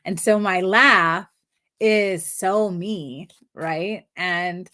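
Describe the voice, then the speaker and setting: A woman's voice: lowish voice, extremely slow, bright, forceful tone, slight background noise. A woman giving live numerology card readings, effusive and giggly, often repeating affirmations. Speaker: numerology reader.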